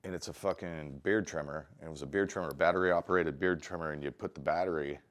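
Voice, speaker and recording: In a casual interview, a middle-aged man who works as a tattoo artist talks fast in an extremely low voice. His stories ramble, are full of profanity, and are told with animation.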